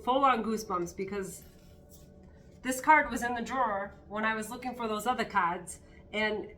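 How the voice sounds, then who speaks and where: A woman gives a spiritual card reading to her viewers, speaking earnestly and encouragingly with spontaneous asides. Her tarot-reader voice is mid-range and fairly bright in tone.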